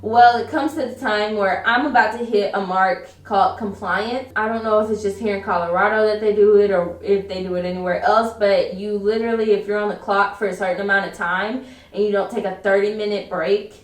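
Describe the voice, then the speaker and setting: A woman's voice: mid-range voice, fairly even intonation, a little fast. A woman telling a personal work story in a chatty vlog, full of "like" as she retells it. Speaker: vlogger. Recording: roomy, distant from mic.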